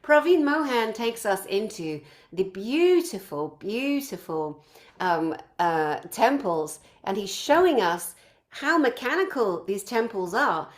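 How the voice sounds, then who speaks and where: A woman's voice: mid-range voice, sing-song, unhurried. A woman organizing a conference, introducing its speakers one by one and piling up effusive praise in long lists.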